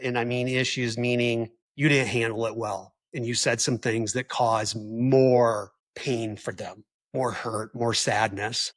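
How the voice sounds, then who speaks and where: A man speaking earnestly and gently to other partners, repeating key words for emphasis as he gives advice. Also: a little high. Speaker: husband of a trauma survivor giving advice to partners. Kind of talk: earnest personal advice talk.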